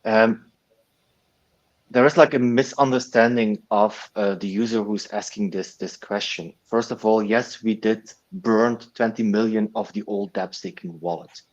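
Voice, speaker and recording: A man's voice: on the low side, steady tone, measured pace, muffled recording. A man heading a foundation, earnestly explaining answers to community questions on a livestream call, often restarting his words.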